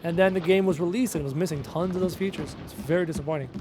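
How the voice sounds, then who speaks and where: A man in his thirties hosting a live gaming stream, reading out viewer comments and answering them in a relaxed, chatty way. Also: on the high side, racing, background noise. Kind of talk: casual live-stream chat while playing.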